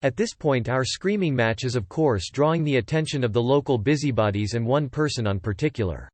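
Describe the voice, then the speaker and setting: A man narrating first-person stories in a plain, even reading style. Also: mid-range voice, brisk, no room sound. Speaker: story reader. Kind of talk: scripted narration.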